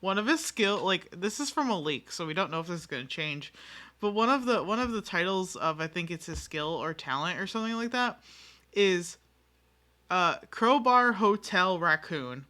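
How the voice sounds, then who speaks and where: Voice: mid-range voice, animated, brisk, pushed and bright. Giggly, swearing game streamer. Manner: giggly, rambling, swears freely, self-mocking. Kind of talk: casual live-stream chat with viewers.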